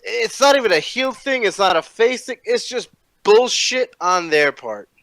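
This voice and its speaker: A man's voice: sits high, lively intonation, a little slow, a bit bright, dry recording. A man on a casual wrestling podcast, talking bluntly and with heavy swearing. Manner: blunt, profane, emphatic.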